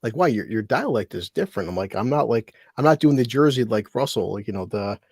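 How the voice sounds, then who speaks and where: A man from New York State chatting on a podcast, rambling and halting, full of filler words. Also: lowish voice, lively intonation, darkish tone, breathy edge, no echo, clean studio sound. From New York State, USA. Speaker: podcast co-host, film reviewer. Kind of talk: casual late-night chat.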